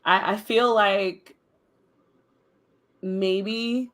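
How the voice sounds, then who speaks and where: Bright-toned woman in casual book talk. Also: very slow. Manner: expressive, rises in pitch when exasperated. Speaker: podcast co-host. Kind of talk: casual book club discussion.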